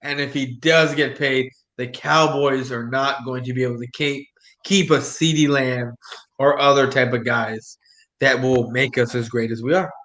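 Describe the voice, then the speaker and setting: A man hosting a casual chat, rambling in a relaxed way and repeating words as he talks. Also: medium pitch, normal speed.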